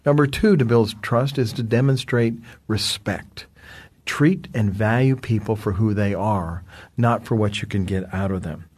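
A man's voice: medium pitch, a little mellow. A man who is a guest speaker, explaining leadership and trust earnestly, laying out numbered points and quoting scripture. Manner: methodical, lays out numbered points and quotes scripture.

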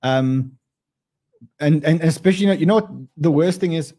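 A man with an Australian accent hosts a casual livestream, joking and rambling with many restarts. His voice is warm and on the high side, at a normal speed.

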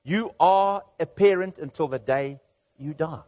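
A man preaching a sermon as pastor, telling stories with big, animated swings in his voice. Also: fairly high pitch, measured pace.

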